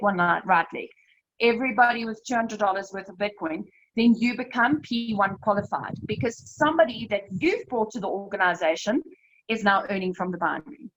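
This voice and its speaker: A woman with a fairly high voice leads a live slide presentation on an online call. She explains things step by step, brisk and emphatic, and keeps turning to her listeners as "you guys". The audio is dull and lo-fi. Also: fairly bright tone. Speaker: network marketing team leader presenting a webinar.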